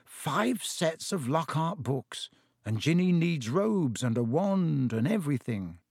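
A glum teenage wizard boy mutters about money, as a male reader gives him. The voice sits fairly high and dry. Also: very animated, slow pace, darkish tone, slightly rough, no room sound, exaggerated voice.

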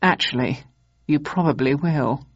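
A woman's voice: sits low, unhurried, slightly rough, no room sound, dull audio. A woman reading aloud, voicing a suave, gleeful male master villain who mocks and gloats in a drawling, theatrical way. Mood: mocking.

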